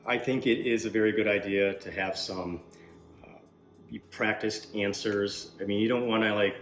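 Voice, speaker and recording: Low-voiced man hosting an interview. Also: moderate pace, roomy sound. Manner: relaxed, friendly questioning with frequent laughs. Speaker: host. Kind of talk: casual interview.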